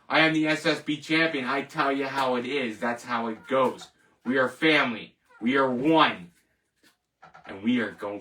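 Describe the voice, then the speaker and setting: A man's voice: mid-range voice, bright, forceful tone, far from the mic. A man hosting his own show, giving a boastful, defiant sign-off monologue full of repeated slogans. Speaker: host.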